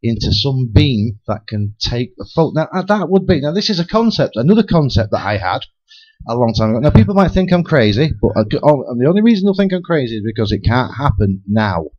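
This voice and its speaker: A man spins big theories on a community radio talk show, circling back and restarting as ideas come to him. His voice sits at an ordinary middle pitch. The broadcast has a slightly dull, lo-fi sound. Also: fast. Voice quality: lively, theorizing, many restarts. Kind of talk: rambling speculative radio chat. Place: radio studio.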